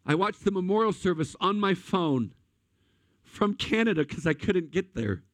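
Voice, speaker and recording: With a high, animated voice and a fairly bright tone, a pastor speaks at a normal speed, recorded at studio quality with no echo. His sermon is emotional storytelling about his own life, and he addresses the audience as guys and friends.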